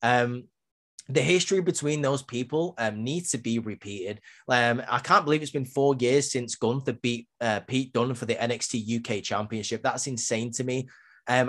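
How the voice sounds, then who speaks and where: A man talks through a wrestling show recap in a loose, conversational way. He fills gaps with plenty of ums and restarts, then jumps back into his opinions. His voice sits at an ordinary middle pitch. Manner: chatty, many filler ums, acts out quotes.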